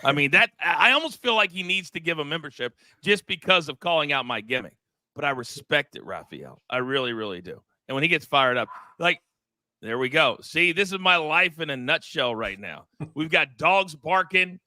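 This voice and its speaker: A middle-aged man hosting a live sports betting show, energetic and joking with his co-hosts. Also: fairly high pitch, moderate pace, no echo. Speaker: host.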